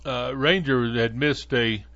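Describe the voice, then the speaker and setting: A man's voice: medium pitch, slow, fairly bright tone, no room sound. A man hosting a podcast in a casual monologue, rambling along with many fillers and restarts. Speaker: podcast host. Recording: dull lo-fi dry sound.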